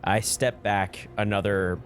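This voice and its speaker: A man's voice: lowish voice, steady tone, measured pace. A man playing a tabletop game, describing his character's actions in an easygoing, hesitant way. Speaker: player.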